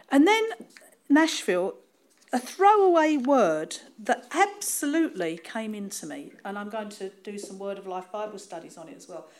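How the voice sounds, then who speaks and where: A woman with a Cockney accent gives a relaxed, conversational sermon. Her voice sits high and swings widely in pitch, and she laughs often and pokes fun at herself between points. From East End of London. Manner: lively, laughing, self-deprecating storytelling. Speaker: preacher. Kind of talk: informal sermon.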